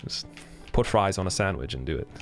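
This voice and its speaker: A man voicing an excitable young British lad, loudly patriotic and pushy like a salesman. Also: low-pitched, fairly quick, faint music behind, voice pushed up. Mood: hyped.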